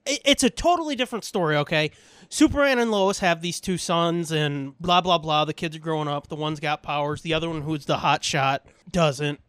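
Swearing a lot and laughing often, a man co-hosting a podcast rambles through stories in casual conversation. His voice is fairly high and fairly bright, a little fast and smooth, recorded at studio quality with no echo.

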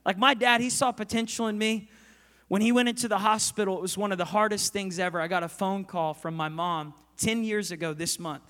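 A man in his thirties preaching as a guest pastor, telling a story with passion and swinging between loud and hushed. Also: high voice, steady tone, fairly quick. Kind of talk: sermon. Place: large church auditorium. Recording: long reverb of a large hall.

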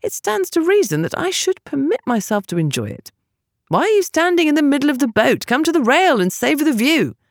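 A woman voicing a composed aristocratic gentleman who speaks mildly and evenly. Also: high voice, brisk, dry recording, studio quality, pitched above the performer's own voice. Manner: mild, even, unruffled.

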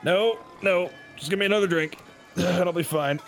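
A man voicing a gruff, hungover tavern brawler woman who talks in a groggy, grumbling way. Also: high-pitched, moderate pace, soft background music, pitched above the performer's own voice.

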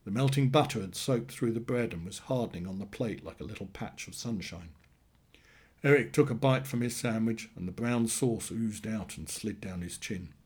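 A man narrating a short story in a plain, steady storytelling manner. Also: fairly low pitch, moderate pace, slightly rough. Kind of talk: scripted narration.

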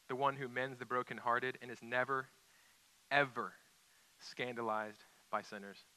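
Young male pastor, very bright and clear tone, casual sermon delivery that goes quiet and earnest. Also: mid-range voice, poor audio. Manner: conversational storytelling, drops to quiet intensity.

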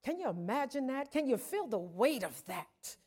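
A woman preaching from the pulpit in a high voice. She sways between quiet, drawn-out phrases and loud, shouted declarations, throwing questions out to the congregation as she goes. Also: sing-song, breathy edge. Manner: passionate, swings from hushed to shouting; call-and-response questions to the congregation. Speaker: guest preacher. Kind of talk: sermon.

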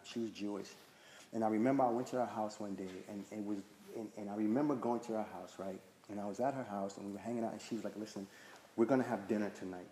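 A man's voice: lowish voice, warm tone. Man sharing his story in an echoey hall. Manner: conversational, frequent "right?" and "like" fillers. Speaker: speaker sharing at a recovery meeting. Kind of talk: personal story share. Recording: echoey hall with faint noise.

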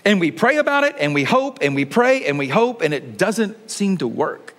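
High, lively-voiced male pastor preaching. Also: moderate pace. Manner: conversational, rhetorical questions, frequent "like"; drops to quiet, low delivery for emphasis. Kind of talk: sermon.

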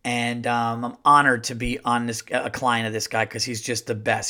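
A middle-aged man, a comedian hosting his podcast, telling a casual story and acting out the dialogue. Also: medium pitch. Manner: animated, acts out quoted dialogue.

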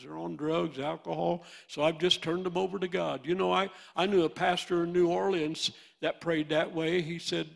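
Impassioned old man preaching, gravelly voice. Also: a little high. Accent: Midwestern American. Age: 80s. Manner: impassioned, swinging from loud bursts to hushed storytelling. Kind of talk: sermon.

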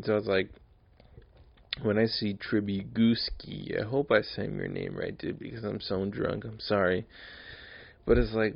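A drunk man in his early twenties hosts a solo podcast, his voice low and gravelly. He rambles, curses freely and circles back over the same points. The recording sounds dull and lo-fi. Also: no echo. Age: 20s. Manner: rambling, profane, repeats himself. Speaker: podcast host. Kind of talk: casual solo podcast rant.

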